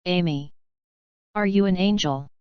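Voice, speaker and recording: A woman's voice: on the low side, unhurried, clear, resonant tone, dry recording, highs cut off, close to an everyday voice. A woman reading the lines of a small eager girl in a storybook, barely changing her voice. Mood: earnest. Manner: plain read-aloud quotes.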